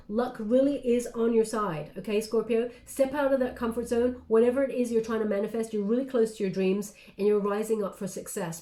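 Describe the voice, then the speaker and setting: A woman giving a casual spoken tarot reading. She is chatty and encouraging, and often checks in with a quick "okay?". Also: mid-range voice, mellow, echoey room. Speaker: tarot card reader.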